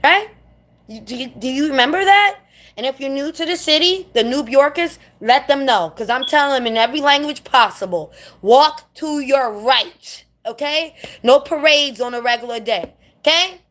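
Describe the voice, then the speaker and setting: Sassy, high-voiced New woman ranting. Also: animated, normal speed, a bit bright. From New York City. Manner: blunt, sassy, swears freely. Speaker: vlogger. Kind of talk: casual ranting monologue.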